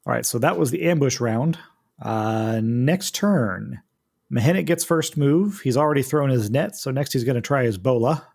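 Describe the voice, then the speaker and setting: A man's voice: mid-range voice, expressive, moderate pace, creaky, a little mellow, husky. A man running a tabletop game as game master, patiently walking the players through rules and turns. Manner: patient, explains rules step by step.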